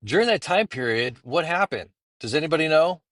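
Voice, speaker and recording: A man's voice: on the high side, expressive, brisk, a bit bright, no room sound, studio quality. A man telling a story with a mocking tone in a casual vlog. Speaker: content creator.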